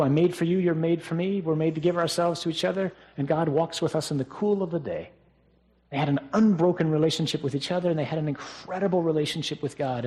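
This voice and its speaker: A man's voice: fairly high pitch, darkish tone. A man, a priest, giving a funeral homily in a conversational way, often ending points with a tag question.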